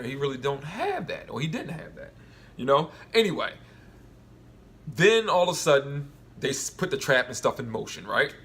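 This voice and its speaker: Gravelly man rambling through a casual review. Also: medium pitch, fairly quick. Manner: rambling, animated retelling with quoted voices. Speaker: TV episode reviewer.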